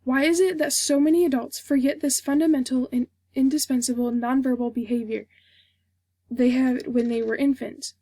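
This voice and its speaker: A young woman with a high yet mellow voice delivers a prepared class speech, steady and formal as she reads from her script. Her tone is a little husky, and the recording is dry and close, with no room sound. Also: normal speed, dry recording. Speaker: student giving a class speech. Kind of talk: read informative speech.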